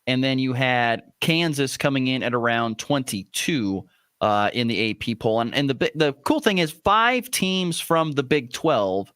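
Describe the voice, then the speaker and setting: A man hosting a morning sports radio show from a studio, talking casually with lots of "uh" fillers and lively pitch swings. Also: unhurried, clean tone, no room sound. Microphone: studio microphone.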